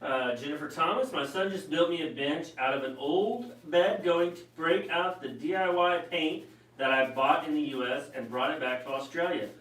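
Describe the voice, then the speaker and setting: A man's voice: fairly high pitch, moderate pace, fairly bright tone. A man co-hosting a live painting show, cheerfully reading out viewers' comments. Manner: reads comments aloud, chipper and enthusiastic. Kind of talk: live stream chat. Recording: echoey room, mic a bit far.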